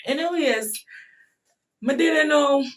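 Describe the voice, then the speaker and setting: A woman with a Jamaican accent telling a personal story in casual talk, animated and breaking into shouts at tense moments. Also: high voice, slow, recorded from a distance.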